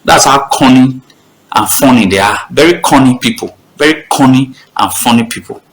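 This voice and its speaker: A man's voice: mid-range voice, moderate pace, echoey room, low-quality recording. A middle-aged Nigerian man with an Edo accent, hosting a heated live talk show in an emphatic, impassioned way. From Nigeria, Benin. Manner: emphatic, impassioned, talks over himself. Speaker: host.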